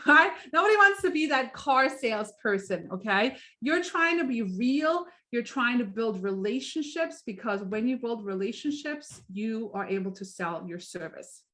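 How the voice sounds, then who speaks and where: An upbeat middle-aged woman talks through a live training session for her sales team, chatty and encouraging. Her voice sits a little high. She keeps checking in with her listeners and acts out small scenes as she goes. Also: a bit bright. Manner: upbeat, chatty, often asks "right?" and acts out little examples. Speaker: direct sales team leader.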